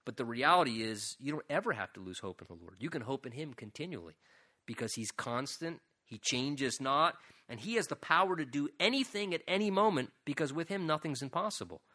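A man's voice: mid-range voice, animated, brisk, sharp tone. A man preaching a sermon, earnestly paraphrasing scripture in his own words and building to emphatic passages. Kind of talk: sermon on a psalm.

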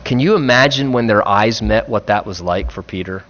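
A man preaching a sermon in an earnest, reflective way, pressing on key phrases and slowing them down. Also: fairly low pitch, fairly bright tone, dull audio.

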